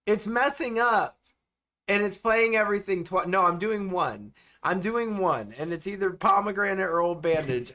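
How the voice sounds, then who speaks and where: A man streaming live, chatting casually with his viewers in an animated, exasperated way. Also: high-pitched, normal speed. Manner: animated, exasperated, talks to chat.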